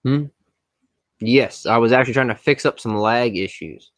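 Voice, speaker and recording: A man's voice: mid-range voice, moderate pace, a bit bright, no echo. A man joining a casual livestream chat with dry, teasing remarks.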